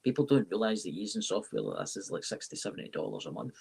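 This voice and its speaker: Fast and a little mellow, a fairly low-pitched Scottish man swings his pitch hugely as he rambles in a live-stream interview. His voice is gravelly and husky; he reads tarot, hosts a paranormal podcast, keeps saying "right?", and speaks into a live-stream mic.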